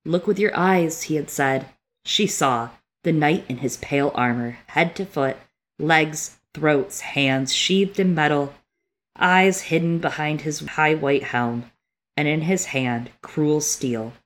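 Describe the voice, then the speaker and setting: A woman's voice: deep voice, slow. A woman co-hosting a casual book podcast, reading passages aloud and reacting with emotion and frequent swearing. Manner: emotional, swears freely, tearful while reading. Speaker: podcast co-host.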